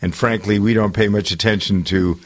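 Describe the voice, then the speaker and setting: A man's voice: fairly low pitch, steady tone, moderate pace. A man hosting a talk radio show, counting down the week's stories in a loose, meandering way full of filler uhs. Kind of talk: casual radio chat.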